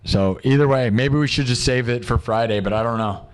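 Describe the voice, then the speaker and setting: This is casual, rambling livestream chat from a young male host with a mid-range voice. Excitable and loose, he peppers everything with "dude" and "like" and rapidly reads out the names of his supporters.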